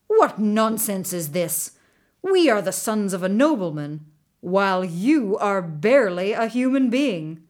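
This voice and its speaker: A woman's voice: medium pitch, animated, slow. Woman doing haughty young noblemen, mocking, storybook tale. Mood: scornful. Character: scornful arrogant young noblemen, the wazir's sons.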